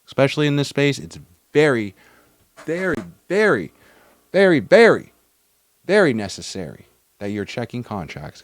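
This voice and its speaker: A man giving casual, animated crypto market commentary to his viewers, swinging between loud and soft. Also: fairly low pitch. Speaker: crypto YouTuber.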